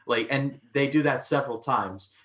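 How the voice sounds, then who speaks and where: A man's voice: mid-range voice, normal speed, fairly bright tone. A man co-hosting a film review podcast, chatting casually and stumbling through restarts as he retells scenes.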